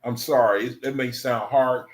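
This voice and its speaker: A man's voice: mid-range voice, steady tone, normal speed. A man hosting an online study group, talking casually and rambling, repeating himself and calling his viewers brethren. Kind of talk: casual livestream talk to viewers.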